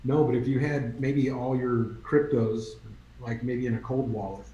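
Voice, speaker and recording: Easygoing male host, mellow tone, roomy echo, casual agreeable chat. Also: medium pitch, fairly even intonation, unhurried, lo-fi sound. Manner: easygoing, agreeable, says "man" a lot. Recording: echoey room.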